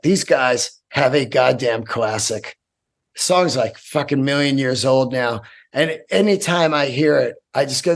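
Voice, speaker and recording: A man's voice: on the high side, vocal fry. A man hosting his own podcast alone, rambling loosely from topic to topic and swearing freely. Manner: rambling, profane and animated. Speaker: podcast host. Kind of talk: solo podcast monologue.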